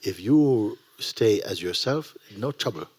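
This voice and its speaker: A man teaching a spiritual gathering in a gentle, unhurried way, often dropping to a whisper. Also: fairly low pitch, expressive, slightly rough. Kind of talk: sermon to a gathering. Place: satsang gathering.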